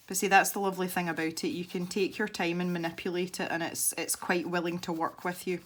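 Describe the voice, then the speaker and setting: Scottish woman, art channel host, low pitch, casual tutorial chat, rambling, laughs easily. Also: little pitch movement, fast. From Scotland.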